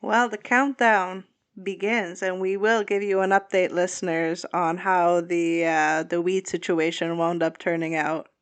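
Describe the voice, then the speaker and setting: A woman's voice: fairly low pitch, little pitch movement, a little slow, clean tone. A woman hosting a gardening podcast, asking questions in an upbeat, playful way and talking to her listeners. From Southwestern Quebec. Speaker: podcast host. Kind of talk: casual podcast interviewing.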